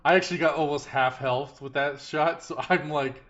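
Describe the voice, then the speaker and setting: A man playing a tabletop game in casual chat, animated and quick to laugh as he describes his character. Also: fairly high pitch. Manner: animated, laughing, acts out yells. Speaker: player. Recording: dull lo-fi stream audio with clear music.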